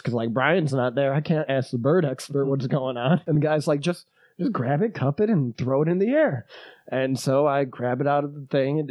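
A man's voice: mid-range voice, dry recording. A man casually telling a long travel story, swearing often and acting out what people said. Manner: animated, swears a lot, acts out quotes.

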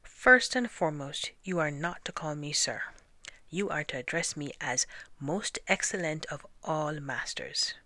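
A woman's voice: low voice, lively intonation, measured pace, sharp tone, no echo, full character voice. A woman reading a storybook aloud and voicing a pompous, fussy male lord who insists on his own words for things.

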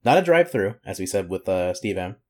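Animated young man rambling casually. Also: sits low, a little fast. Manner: rambling, lots of "like" fillers, laughs often. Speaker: podcast co-host. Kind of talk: casual comedic chat.

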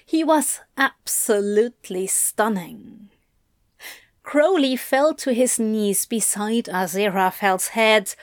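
A woman reading a story aloud in a soft, intimate narration. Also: fairly high pitch, dry recording, clean studio sound. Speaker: reader.

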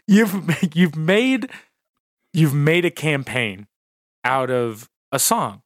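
Lively, laughing male podcast host. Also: fairly high pitch, drawn-out words, pauses often, no echo, studio quality. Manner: animated, laughs often, emphatic. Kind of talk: casual chat.

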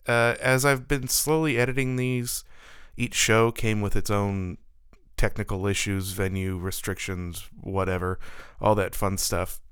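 Man, podcast host, low-ish and very clean voice, relaxed intro read. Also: a little slow, clean tone, no room sound, studio quality. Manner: casual, easygoing, with small laughs. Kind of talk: scripted voice-over intro.

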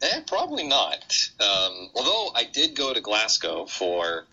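A man with a Midwestern American accent talks in a friendly, upbeat way as a guest on a remote interview. His voice sits low yet sounds bright and forceful. The call audio is dull and lo-fi, with faint noise underneath. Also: big pitch swings, unhurried. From United States. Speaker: pharmacist and career coach guest.

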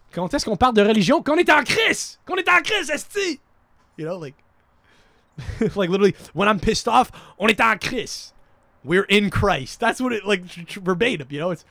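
Podcast host, young man, slightly high voice, rambling profane banter, dry close sound. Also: no room sound. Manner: profane, joking, laughs often; scattered, many fillers and restarts. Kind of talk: casual rambling podcast chat.

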